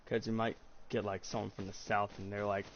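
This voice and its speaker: A man's voice: lowish voice, level tone, a little fast. A teenage boy chatting while he plays an online game, rambling and joking with lots of fillers, on a headset mic. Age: teens. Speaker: gamer and streamer. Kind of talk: casual gaming chat. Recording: dull lo-fi sound, faint noise.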